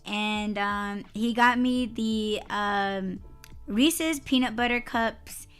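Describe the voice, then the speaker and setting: A woman's voice: medium pitch, takes it slowly, fairly bright tone, smooth, faint music behind. A woman co-hosting a casual podcast, telling a story in a heated, profane way and breaking into laughter. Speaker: podcast co-host.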